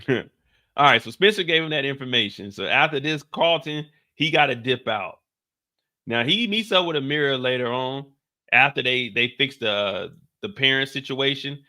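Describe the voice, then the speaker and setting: A man hosting a casual TV recap, talking in an animated, slangy and joking way. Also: medium pitch, moderate pace, dry recording, clean studio sound. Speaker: show host.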